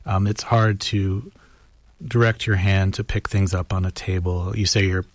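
Soft-spoken low-voiced male interviewer. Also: flat delivery, moderate pace, no echo. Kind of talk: interview questions.

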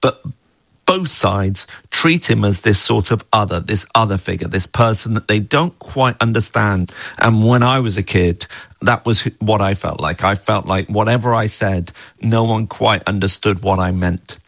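Middle-aged male writer, gravelly low voice, reflective interview guest. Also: moderate pace, fairly bright tone, no room sound. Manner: thoughtful, musing, with small laughs. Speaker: guest, screenwriter of the adaptation.

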